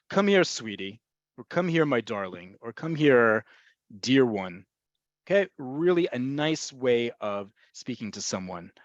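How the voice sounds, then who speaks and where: A man's voice: medium pitch, no echo. A man teaching a webinar lesson, explaining slang words and repeating his points as he talks to the folks listening. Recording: muffled webinar audio, cutting in and out.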